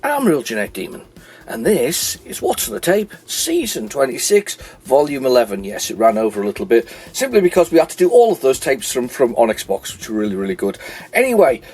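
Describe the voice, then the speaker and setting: Husky rambling man. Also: mid-range voice, very animated, a little fast, darkish tone. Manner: rambling, many restarts and self-corrections. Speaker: retro gaming video host. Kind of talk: casual chat showing a collection.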